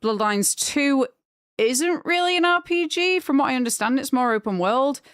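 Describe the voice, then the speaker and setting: A young woman chatting casually on a live stream, rambling and gushing when excited. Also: high-pitched, moderate pace, clean tone, dry recording, studio quality.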